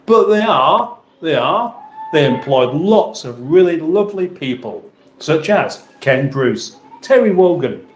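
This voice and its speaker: A British man hosting a casual livestream, chatting and joking as he reads out viewer messages. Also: on the high side. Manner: chatty, jokey, playful voices for chat names. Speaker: livestream host reading chat. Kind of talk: casual live chat. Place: home kitchen. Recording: roomy echo.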